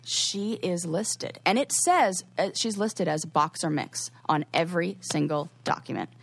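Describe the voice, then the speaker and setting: A woman's voice: on the low side, unhurried, gravelly, dry recording. A woman co-hosting a podcast, telling a story in a rambling, casual way full of "like.". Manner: rambling, heavy use of "like". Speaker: podcast co-host.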